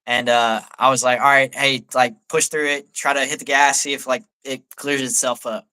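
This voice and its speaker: Laid-back soldier telling a story. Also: male voice, medium pitch, little pitch movement, moderate pace, pushed and bright, clear, resonant tone. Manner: laid-back, peppers speech with "like". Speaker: army staff sergeant guest. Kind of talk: casual storytelling on a live talk show.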